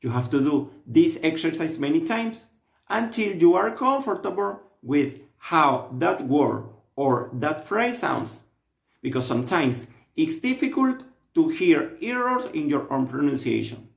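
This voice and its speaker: A man narrates a scripted language lesson in an instructive, steady way. His fairly high voice swings up and down with lively intonation. The recording carries a noticeable roomy echo. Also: unhurried, vocal fry. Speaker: language teacher.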